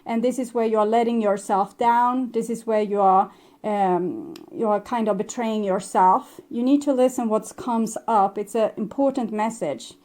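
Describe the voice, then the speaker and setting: Soft-spoken woman giving a tarot reading. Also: fairly high pitch, fairly even intonation, a little slow. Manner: gentle, reflective, with soft laughs and hesitations. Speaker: tarot reader.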